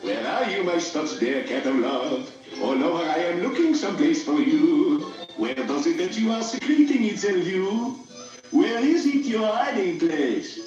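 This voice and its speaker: French cartoon skunk, lovesick and smug, crooning high and swoopy, old tv audio with music. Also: male voice, sing-song, a little slow, very echoey, far from the mic, muffled recording. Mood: amorous. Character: amorous, smug male cartoon skunk suitor. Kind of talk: vintage cartoon voice acting.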